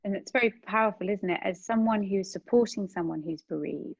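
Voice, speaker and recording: A woman hosting a conversational interview, speaking in a halting, thoughtful way with frequent restarts. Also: medium pitch, vocal fry, slightly rough, no echo, dull audio. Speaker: podcast host.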